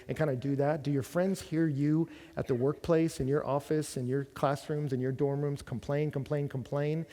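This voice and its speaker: A man's voice: fairly high pitch, fairly even intonation, normal speed, hardly any pauses, dark tone. A man preaching a sermon at a college ministry gathering, telling stories and asking rhetorical questions in a conversational way. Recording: long reverb of a large hall.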